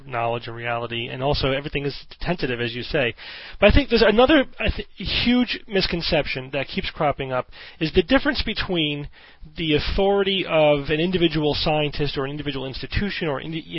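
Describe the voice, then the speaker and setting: A male podcast host with a fairly high voice talks in a thoughtful, explanatory way and often restarts his sentences. The sound is dry and close but dull and lo-fi. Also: brisk, hardly any pauses, no room sound. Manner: thoughtful, explanatory, with self-corrections. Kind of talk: discussion in a podcast interview. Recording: dull lo-fi audio.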